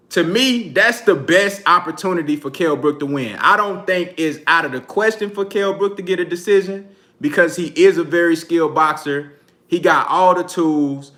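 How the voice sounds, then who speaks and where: A man in talks boxing on a live stream in a loose, slangy, laid-back way, often breaking into laughter. His voice sits a little high and rings very bright. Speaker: boxing channel host. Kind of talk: casual live-stream commentary.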